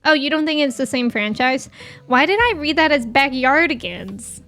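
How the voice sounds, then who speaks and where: A woman's voice: sits high, animated, moderate pace, pushed and bright, faint music behind. A woman streamer in casual chat with her live viewers, reading their messages aloud and laughing often.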